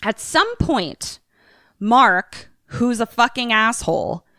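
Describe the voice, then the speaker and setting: A young woman podcast co-host recapping a movie in casual, animated, profane storytelling. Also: a little high, slow pace, dry recording, studio quality.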